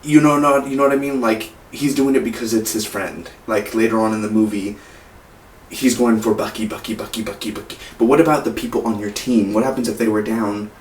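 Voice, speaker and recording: A man's voice: lowish voice, fairly even intonation, a little fast. A man reviewing a movie in casual talk, rambling with many fillers and restarts. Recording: roomy echo, mic far off, faint hiss.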